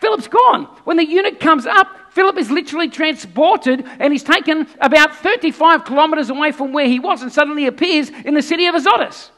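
A man preaching a sermon, telling Bible stories in a conversational, animated way with acted asides. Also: very high-pitched, a little fast, hardly any pauses. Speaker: pastor.

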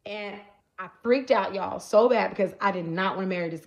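A woman's voice: mid-range voice, brisk, gravelly, highs cut off. A woman prophetess giving a personal religious testimony to her viewers, speaking earnestly, repeating herself, and often checking that they follow.

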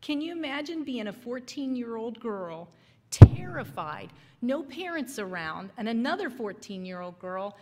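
A woman teaching a Sabbath School lesson, telling a story and preaching with earnest, dramatic pauses in a church. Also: on the high side, expressive, long reverb tail, very noisy. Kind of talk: storytelling sermon. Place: church hall.

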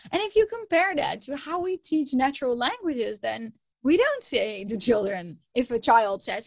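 Woman prof giving a conf talk, kinda high voice, storytelling, repeats words a lot, dry close sound. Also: big pitch swings, normal speed, few pauses, dry recording. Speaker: computer science professor giving a conference talk. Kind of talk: conference keynote talk.

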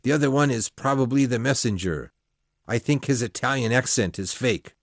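A man voicing a scheming, evil male priest who talks quickly and suspiciously. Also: medium pitch, no room sound, clean studio sound, lightly acted.

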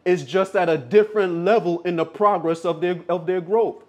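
A man's voice: high-pitched, normal speed. Insistent male preacher repeating lines. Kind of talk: sermon.

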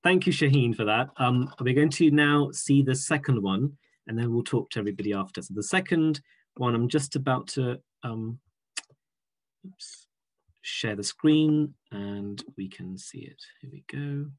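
A man's voice: medium pitch, a little slow. A man hosting an online event over a video call, talking hesitantly with fillers. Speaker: event host.

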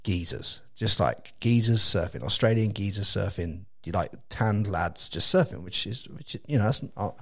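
A man from England with an English accent, hosting a casual chat and telling an animated, laugh-filled story with lots of swearing and restarts. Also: on the low side, moderate pace, vocal fry, few pauses. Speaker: podcast host.

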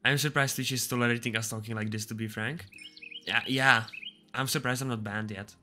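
A man's voice: mid-range voice, fairly even intonation, fairly quick, pushed and bright, soft background music. A young man streaming a game, chatting casually with crude jokes and frequent laughter. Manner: joking, crude, laughs often. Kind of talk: casual gaming stream chat.

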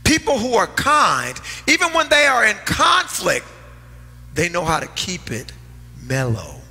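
A middle-aged man, a pastor preaching a sermon and telling stories, swinging from loud outbursts to hushed asides. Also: high voice, wildly swooping pitch, a little slow, breathy edge. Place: church sanctuary. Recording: long hall reverb, faint music.

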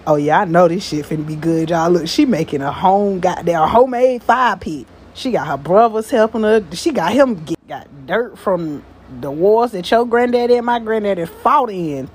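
A woman's voice: mid-range voice, darkish tone, husky. A woman giving a comic reaction voice-over, profane and exclamatory, teasing the person on screen. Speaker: reaction commentator.

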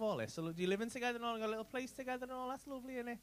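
A man's voice: very high-pitched, racing, hardly any pauses, background noise. A man doing crowd work in a comedy club, teasing audience members with cheeky, sweary banter into a handheld mic. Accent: English. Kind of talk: live stand-up crowd work. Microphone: handheld stage mic.

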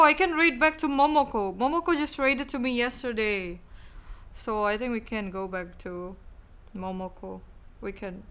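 A woman's voice: on the high side, sharp tone, smooth. A young woman with an Indonesian accent, a game streamer chatting casually and rambling through her sign-off, repeating words and goodbyes.

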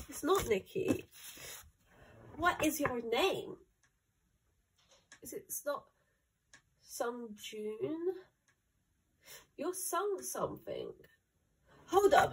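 A young woman hosting her own channel, chatting casually as she unboxes albums, thinking aloud and gasping with excitement over each item. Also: high-pitched, husky. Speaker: channel host.

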